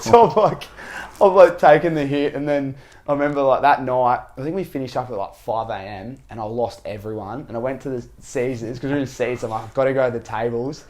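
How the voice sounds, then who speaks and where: A man with an Australian accent hosting a casual chat, telling stories with animated swings between loud and hushed. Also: mid-range voice, fairly quick. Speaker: podcast host.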